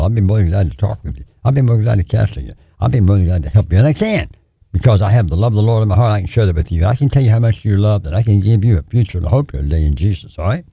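Gravelly, deep-voiced preacher man. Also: mellow, no room sound. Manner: earnest, pleading, repetitive emphasis. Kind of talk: call-in ministry sermon.

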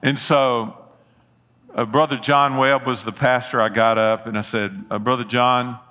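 Bright-voiced pastor preaching. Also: male voice, medium pitch, steady tone, measured pace. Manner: folksy storytelling, earnest appeals. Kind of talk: sermon with personal story.

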